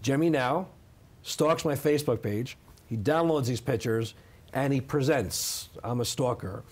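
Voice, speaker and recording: In a seated interview, a middle-aged male guest gives his account at a measured pace in a medium-pitched voice. His delivery is emphatic, and he keeps adding "okay?" for effect.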